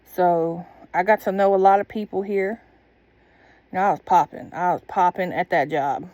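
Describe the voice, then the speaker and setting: A woman's voice: lowish voice, fairly even intonation, moderate pace, darkish tone, dry recording. A woman telling a candid personal story in a blunt, profane, casual monologue. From Southern United States.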